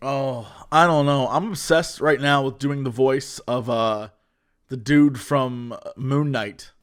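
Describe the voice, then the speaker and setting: A man co-hosting a podcast, trading quick jokes in casual chat. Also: medium pitch, clean tone. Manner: quick quips, joking. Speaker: podcast co-host.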